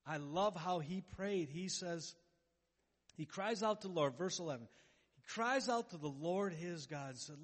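A man preaching a sermon as pastor, animated and playful, acting out the voices of worried people. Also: high-pitched, normal speed. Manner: animated, acts out quoted voices, jokes. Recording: long hall reverb.

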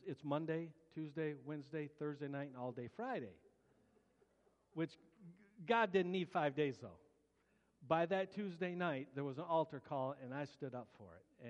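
A man's voice: on the high side, highs cut off. Earnest preacher man in an echoing hall. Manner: earnest, colloquial storytelling with stammered restarts. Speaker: pastor. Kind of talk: personal testimony sermon. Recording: long hall reverb.

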